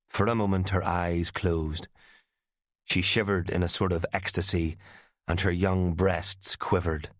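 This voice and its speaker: A man narrating a thriller audiobook in a measured storytelling manner. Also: sits low, fairly even intonation, dry recording, studio quality.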